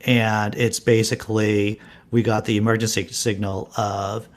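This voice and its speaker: A man's voice: fairly low pitch, level tone, unhurried. A man co-hosting a casual live-stream chat, telling rambling stories with frequent restarts. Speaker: co-host.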